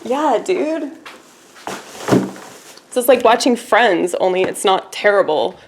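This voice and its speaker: A woman chatting casually on her own video channel, rambling and laughing often, her voice swinging from loud asides to quiet murmurs. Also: fairly high pitch, expressive, slow, husky. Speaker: YouTuber. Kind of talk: casual vlog chat.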